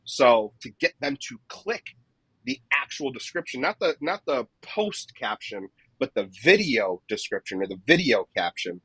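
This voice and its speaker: A man's voice: medium pitch, sing-song, normal speed, a bit bright, breathy edge, dry recording, rough recording. A man who works as a dent repair technician, a guest on a casual podcast interview, explaining his advice step by step and often checking in with "right?". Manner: explanatory, tags many points with "right?".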